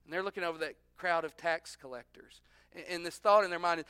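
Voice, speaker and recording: High-voiced, bright male preacher. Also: fast talker, clear, resonant tone, no echo, clean studio sound. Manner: conversational, acts out the voices of people in the story. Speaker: pastor. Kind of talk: sermon.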